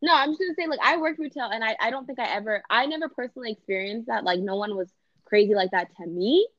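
A woman in casual podcast chat, blunt and animated, swearing freely and acting out quotes. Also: a little high, quick pace, dry recording. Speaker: podcast co-host. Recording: dull lo-fi sound.

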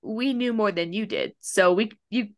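A woman's voice: medium pitch, normal speed. A young adult woman, the host's daughter, chatting casually, laughing easily and giving short replies. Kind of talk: casual conversation.

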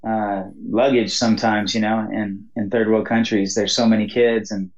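The audio is dull, and the man's voice sits fairly low at a normal pace. As a pastor who leads missions, he tells animated stories during a casual interview, peppering them with "you know" and frequent laughs.

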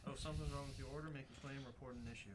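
A man's voice: medium pitch, steady tone, rapid-fire. A young man in casual chat who talks in a hesitant, stammering way.

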